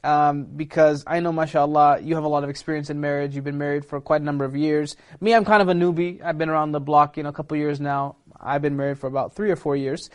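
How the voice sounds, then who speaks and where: Upbeat fast-talking male host. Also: on the high side, flat delivery. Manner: upbeat, laughs easily, chatty. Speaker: show host. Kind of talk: casual interview.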